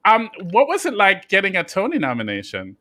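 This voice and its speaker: A man hosting an interview show, playful and quick to laugh. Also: sits high, wildly swooping pitch, bright, forceful tone, no echo. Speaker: host. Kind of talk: interview chat.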